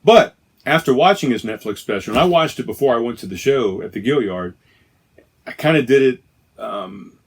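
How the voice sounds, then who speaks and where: A man's voice: medium pitch, expressive, moderate pace, breathy edge. A middle-aged man talks alone on his podcast in a casual, rambling way. He gets enthusiastic and often circles back to fix his own wording. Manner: rambling, self-correcting, enthusiastic. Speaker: podcast host. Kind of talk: casual solo podcast chat.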